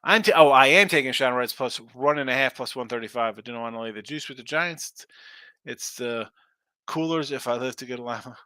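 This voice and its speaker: He's a man with a medium-pitched voice whose tone is bright, forceful and clean, recorded dry and at studio quality. Hosting a sports betting show, he reads viewer comments aloud in casual live-stream fashion, fast-talking, brash and sarcastic.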